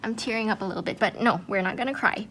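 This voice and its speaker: A woman's voice: medium pitch, quick pace, a bit bright, a little hiss or hum. A woman hosting an art channel, gushing in casual chat, full of "like" and "um" fillers. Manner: chatty, gushing, many "like" and "um" fillers.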